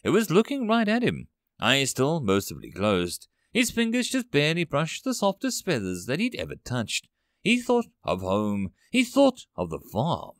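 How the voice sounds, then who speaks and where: A man narrating a sci-fi story as an audiobook, dramatic and expressive. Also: fairly high pitch, no room sound.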